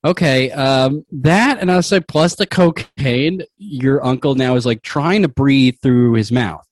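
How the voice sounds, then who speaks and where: A man's voice: medium pitch, measured pace, no room sound. A young man running a tabletop game as game master, rambling and laughing as he narrates.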